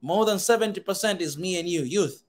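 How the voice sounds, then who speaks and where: A man in his thirties giving an impassioned, preaching speech as host, rising to shouts. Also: sits high, a little fast. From Africa. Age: 30s.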